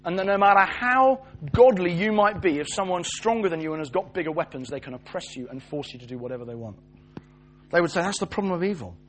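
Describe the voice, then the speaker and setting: A British man giving a lively sermon, jokey and animated, acting out voices as he tells the story. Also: high-pitched, fast talker. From Britain. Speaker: preacher.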